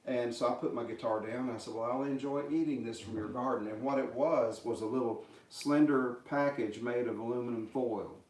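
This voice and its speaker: A man's voice: mid-range voice, fairly even intonation, darkish tone. Folksy man in an echoey room. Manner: folksy, halting storyteller with many fillers. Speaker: guitarist telling a story. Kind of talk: casual storytelling livestream. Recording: echoey, distant room sound.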